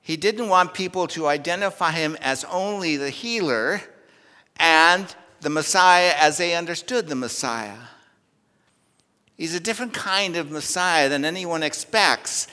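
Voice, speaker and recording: A man preaching a Communion Sunday sermon in earnest, rising loud for emphasis and dropping soft in a church. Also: a little high, animated, measured pace, clean tone. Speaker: pastor. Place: church sanctuary. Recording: long reverb of a church sanctuary.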